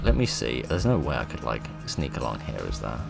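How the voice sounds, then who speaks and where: A man giving let's play commentary, excitable and self-mocking, reading game lines aloud in put-on voices. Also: extremely low pitch, brisk, creaky, loud music behind the voice. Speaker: gaming video host.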